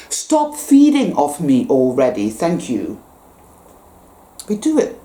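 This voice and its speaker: A woman's voice: deep voice, huge pitch swings, takes it slowly, long pauses, warm tone. A woman giving an impassioned spiritual monologue. She is intense and emphatic, swears freely, and repeats her phrases for force. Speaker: spiritual vlogger. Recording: roomy echo.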